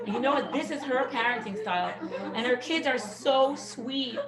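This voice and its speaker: A woman teaching a parenting class in a casual, animated storytelling way, acting out what people said and dropping in Yiddish words. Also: sits high, moderate pace, hardly any pauses, background noise. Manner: animated storyteller who acts out quotes and sprinkles in Yiddish words. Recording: echoey room.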